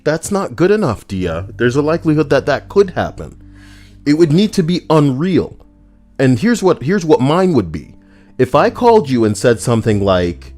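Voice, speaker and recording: A man's voice: mid-range voice, very animated, moderate pace, darkish tone, soft background music. A young man hosting a casual commentary video, rambling, cursing and joking, and sometimes arguing with himself. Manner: rambling, profane, jokey, talks to himself. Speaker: channel host.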